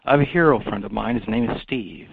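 A man delivering a rambling, repetitive monologue full of restarts and "okay?" tags, at times rising into loud preacher-like exhortation. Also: fairly low pitch, expressive, fast talker, creaky, slightly rough, dry recording. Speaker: monologue speaker. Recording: tinny phone-like dry recording.

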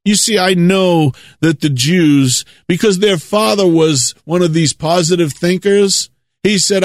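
A man's voice: high-pitched, measured pace, no room sound, clean studio sound. A man preaching a sermon in a sarcastic, lecturing way, chuckling at his own remarks.

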